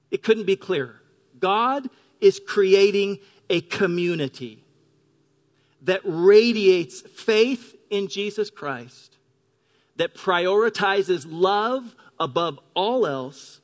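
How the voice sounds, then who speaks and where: High-voiced preaching man in reverberant hall. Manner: earnest, emphatic preaching with slow stressed phrases. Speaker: pastor. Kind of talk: sermon. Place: church gymnasium.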